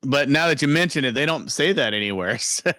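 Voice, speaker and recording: A man with a mid-pitched voice co-hosting a film podcast. He talks easily and hedges his points, often chuckling, recorded close and dry. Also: animated, brisk, pushed and bright, no room sound. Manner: easygoing, hedging, chuckles often. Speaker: podcast co-host. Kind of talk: casual film review chat.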